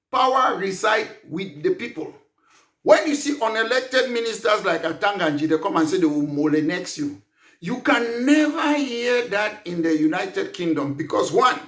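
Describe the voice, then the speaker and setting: Emphatic man with a high voice, echoey. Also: a bit bright. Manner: emphatic, rhetorical questions. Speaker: party leader. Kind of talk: political monologue.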